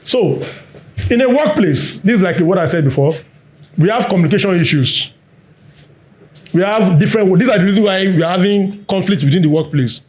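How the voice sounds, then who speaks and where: Male workshop trainer, fast-talking, high-pitched, audience-engaging. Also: animated, darkish tone. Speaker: workshop facilitator. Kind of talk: live workplace training talk.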